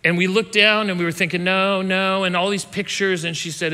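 A pastor in his fifties relates a childhood tale conversationally, self-interrupting with restarts, in an easygoing sermon style. His high, bright voice is steady in tone, brisk, and smooth, echoing with long reverb as in a large hall.

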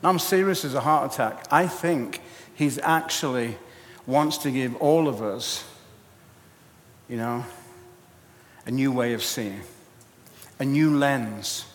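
A man preaching a sermon in an animated storytelling way, with jokey asides. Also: medium pitch, slow, long pauses, slight background noise. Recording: echoey hall reverb.

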